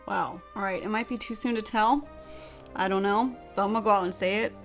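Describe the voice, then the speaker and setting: A young woman beauty vlogger narrates a makeup tutorial in a medium-pitched, steady voice, speaking a little fast. She is bubbly and chatty and adds playful sound effects as she works, with faint music in the background.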